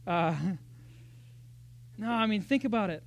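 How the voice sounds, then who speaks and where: A pastor preaches a sermon in a church in an animated, conversational style full of rhetorical questions. He has a high male voice and speaks slowly.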